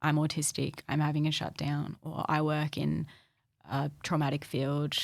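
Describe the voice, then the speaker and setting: A young Australian woman speaking candidly as a podcast guest, thoughtful and halting, often restarting her sentences. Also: low voice, completely flat delivery, gravelly, no room sound, studio quality. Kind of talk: candid personal conversation.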